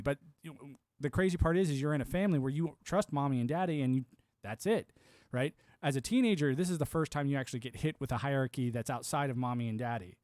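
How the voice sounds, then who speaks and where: A man's voice: medium pitch, no echo, studio quality. A man in his thirties from the United States, hosting a livestream in a casual, rambling monologue, often acting out quoted voices. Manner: animated, acts out quoted voices, filler-heavy. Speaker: livestream host.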